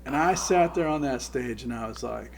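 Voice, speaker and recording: A middle-aged man spinning show-business anecdotes with loose, animated energy. His voice sits at an ordinary middle pitch, and he laughs readily as the stories build. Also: normal speed, vocal fry, crowd noise. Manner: animated, laughs through his stories and acts out quoted lines. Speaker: guest, line producer. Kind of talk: casual anecdotal storytelling.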